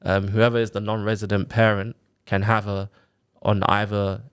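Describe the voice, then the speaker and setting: A man, telling his own story on a podcast in a casual, animated way, full of quoted back-and-forth and fillers like "like" and "innit". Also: lowish voice, moderate pace, clean tone. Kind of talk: casual chat, personal story.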